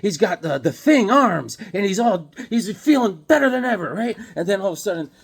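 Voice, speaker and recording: A comic book channel host tells stories in a casual vlog, his husky, high-pitched voice moving briskly. He rambles and stays animated, full of fillers and restarts.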